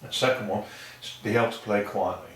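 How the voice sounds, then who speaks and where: A man tells easygoing stories in a low voice, swears freely, and acts out other people's lines. He sits well back from the mic in a very echoey room. A little background noise hangs under him. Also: steady tone, fast, fairly bright tone, recorded from a distance. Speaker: guest saxophonist. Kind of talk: casual anecdotal storytelling.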